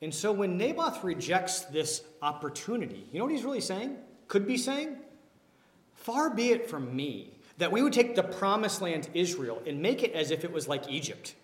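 A man preaching a sermon as pastor, animated, with many rhetorical questions. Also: high voice, normal speed. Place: church. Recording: echoey hall.

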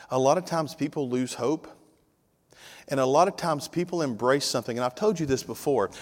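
A man preaching a sermon as pastor, conversational and joking with his congregation. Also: medium pitch. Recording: long hall reverb.

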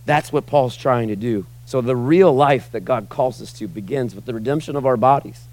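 A man in his forties preaching a sermon as pastor, animated, acting out groans and questioning the congregation. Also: mid-range voice, moderate pace. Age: 40s.

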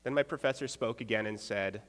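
A young adult man preaching a conversational sermon, relaxed, with rhetorical check-ins and wry asides. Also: on the low side, brisk. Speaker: pastor. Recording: long hall reverb.

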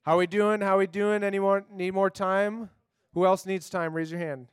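A man's voice: high-pitched, little pitch movement, moderate pace, clean tone, no room sound, studio quality. A man leading a group memory activity, upbeat and coaxing, checking in with the group often. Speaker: youth class leader.

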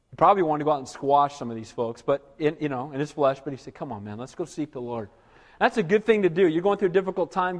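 A pastor delivering a sermon in a fairly high voice, animated, rising to loud bursts and then dropping to near-hushed asides. The sound carries a long reverb, as in a church hall. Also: male voice.

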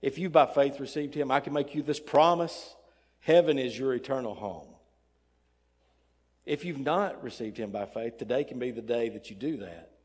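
An older man preaching a sermon, emphatic and swinging between loud fervor and soft tenderness, in a church. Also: medium pitch, normal speed, husky. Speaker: pastor. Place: church sanctuary. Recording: long church reverb.

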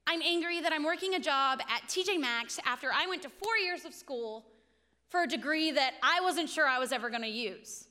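Young woman, sermon, earnest testimony, bright voice, high-ish pitch, long hall reverb. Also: animated, moderate pace. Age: 20s. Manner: earnest, confessional storytelling. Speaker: speaker at a faith talk.

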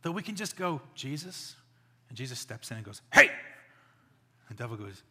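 A man preaching a sermon as pastor, telling stories with loud exclamations and quiet asides. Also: medium pitch, big pitch swings, normal speed. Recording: reverberant hall.

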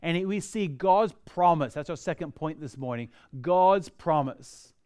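A man preaching a sermon as pastor, animated, acting out quoted pleas to God and parents. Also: a little high, measured pace, smooth.

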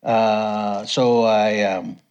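A man's voice: fairly low pitch, little pitch movement, very slow, darkish tone, highs cut off. A man giving a sermon with personal stories, talking conversationally and often checking in with the congregation. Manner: conversational, asks the crowd "right?". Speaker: preacher.

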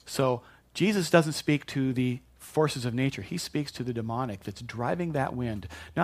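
A man's voice: on the high side, fairly bright tone. Male pastor, sermon, chatty, joking, restarts words. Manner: conversational and joking, with frequent restarts.

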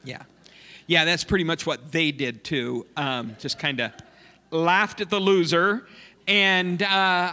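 A man preaching as a missionary, telling a story in an animated, self-mocking way in a church. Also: mid-range voice, normal speed, vocal fry. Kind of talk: sermon storytelling. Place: church sanctuary. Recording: long church hall reverb.

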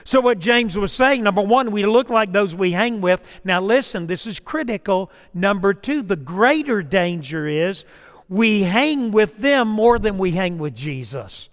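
A pastor with a notably high voice delivers a sermon in a slow, emphatic cadence. He sinks to a soft, confiding tone when telling stories. The sound rings with a long reverb, and his mic crackles now and then. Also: animated. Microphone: lapel or stage mic.

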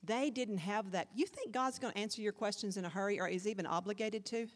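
A woman pastor preaching a sermon, dramatic and fervent, dropping to a hush and rising to loud cries as she quotes scripture. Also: mid-range voice, fast talker, in a large hall.

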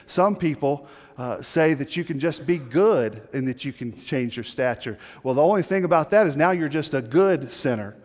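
Guy preaching in a big echoey church, voice a bit high, goes quiet and low to make a point. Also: lively intonation, normal speed. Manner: storytelling preacher, drops low and quiet for emphasis, rises for appeals. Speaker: pastor. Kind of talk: sermon. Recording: long hall reverb.

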